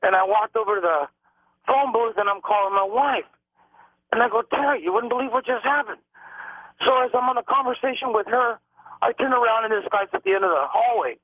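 A middle-aged man calling in to a radio show, telling a story in an animated way and acting out the lines people said. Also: high voice, a little fast, no echo. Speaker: caller. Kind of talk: phone-in storytelling. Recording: tinny phone line, dry.

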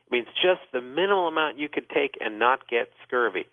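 A man's voice: mid-range voice, expressive, a little fast, no room sound. A man, a doctor hosting a call-in health show, explaining at length with many "uh" fillers. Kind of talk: call-in radio advice. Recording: thin phone-like dry sound.

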